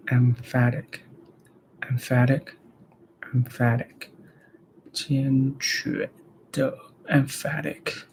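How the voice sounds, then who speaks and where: Slow, gravelly man practicing reading aloud. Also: mid-range voice, darkish tone, a little hiss or hum, rough recording. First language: Chinese. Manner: halting, repeats words and phrases to practice them. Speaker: language learner reading aloud.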